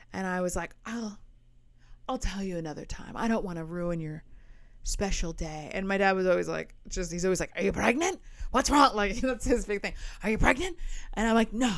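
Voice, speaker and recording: A woman in her forties, a comedian hosting her own podcast, telling a rambling, candid, self-mocking story and laughing often. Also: fairly low pitch. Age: 40s. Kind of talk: casual storytelling monologue.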